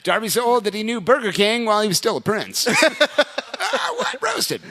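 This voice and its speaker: A man's voice: high-pitched, animated, fast talker, noisy background. A man hosting a casual podcast who reads listener jokes aloud in a playful way and laughs often between lines. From United States. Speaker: podcast host.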